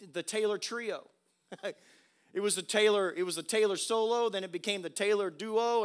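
A man preaching a sermon as pastor, emphatic, swinging from quiet asides to loud exclamations. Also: high-pitched.

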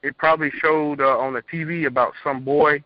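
A man's voice: on the high side, steady tone, brisk, no echo. A young man calling in to a show, earnestly telling his story in a plain, rambling way over a phone line. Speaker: caller. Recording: muffled phone-line audio.

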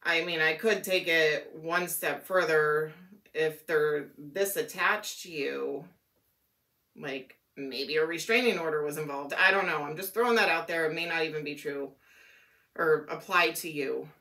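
Woman tarot reader, slightly hoarse. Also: low voice, unhurried, bright, forceful tone. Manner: musing, thinking aloud with fillers. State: losing her voice. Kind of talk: tarot card reading.

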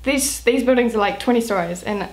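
A woman's voice: fairly high pitch, brisk, slight background noise. A young woman from New Zealand telling a story to camera in a chatty vlog style, filling her talk with "like.". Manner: chatty, says "like" constantly. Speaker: vlogger.

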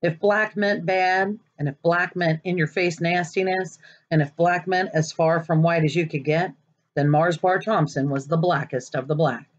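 A woman reading a children's novel aloud, expressive and lively, raising her voice for the characters' lines. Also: on the low side, moderate pace, dull audio. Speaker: narrator.

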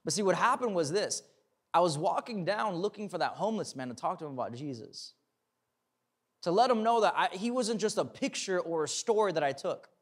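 Young guy pastor telling a story in his sermon, kinda high voice, earnest. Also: animated, fairly quick. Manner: storytelling, acts out dialogue, earnest preaching.

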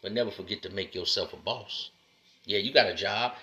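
Bright-voiced man lecturing other men. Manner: street-style lecturing, repeatedly calling the listener "man" and "brother"; emphatic, swings between loud punchy lines and low drawn-out asides. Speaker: motivational speaker addressing men. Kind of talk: preachy direct-to-camera monologue.

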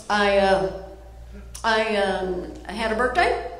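A woman's voice: on the high side, animated, normal speed. A woman in her fifties performing a brash, self-mocking stand-up comedy routine on a club stage, chatting with the audience. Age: 50s. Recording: echoey live club, loud audience noise. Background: audience laughing and applauding.

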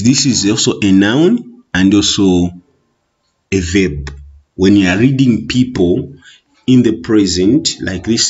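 A man teaching an English lesson, explaining word meanings slowly and repeating himself, often checking with "eh?". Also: lowish voice, darkish tone, breathy edge, muffled recording. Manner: slow, repetitive explaining with restarts and "eh?" checks.

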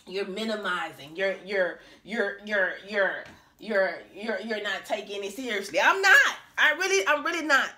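A woman's voice: mid-range voice, expressive, moderate pace, bright, forceful tone. A woman vlogger delivering a blunt, profane rant to camera, talking in an emphatic way and laughing between her points.

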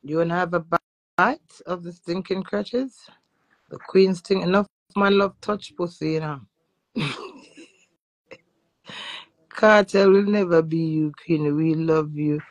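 A woman with a Jamaican accent, a social media influencer, talking loudly and boastfully in casual patois and swearing freely. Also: on the low side, steady tone, slow pace, pauses often, no echo. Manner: loud, profane and boastful. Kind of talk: brash casual talk in patois.

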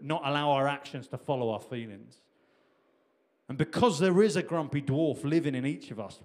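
A man's voice: mid-range voice, darkish tone. A middle-aged man preaching a sermon in a conversational way, with repetitions and restarts. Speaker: pastor.

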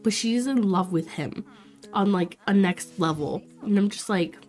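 A woman's voice: medium pitch, measured pace, darkish tone, soft background music. A woman in her twenties chatting casually and bubbly with viewers while streaming a game, laughing often. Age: 20s. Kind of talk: casual livestream chat while playing.

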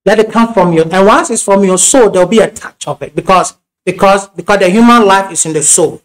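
Preaching in a church with a Ghanaian accent, a man recounts homely stories full of restarts and laughing asides. His high-pitched delivery runs a little fast, captured on a low-quality recording.

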